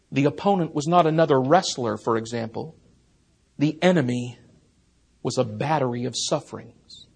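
A man preaching an expository sermon as a pastor, earnest, rising to emphatic peaks and then dropping soft. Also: a little high.

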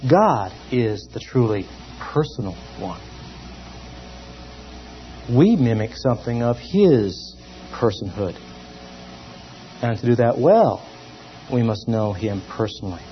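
Animated man giving a theology lecture. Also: medium pitch, a little hiss or hum. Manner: lively and emphatic, with many pauses. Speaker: theology teacher. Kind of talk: classroom lecture. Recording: dull lo-fi recording.

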